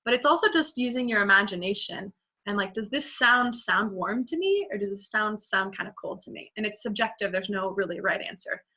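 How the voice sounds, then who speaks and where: A woman voice teacher leading a singing class. She talks in a relaxed, conversational way with fillers and breaks into sung examples to show each sound. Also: medium pitch.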